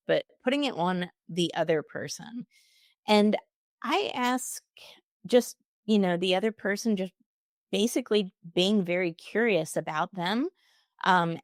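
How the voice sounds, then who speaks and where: Gravelly-voiced woman podcast host. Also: on the low side, dry recording, studio quality. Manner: chatty, laughs often, warm encouraging advice. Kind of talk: solo podcast advice.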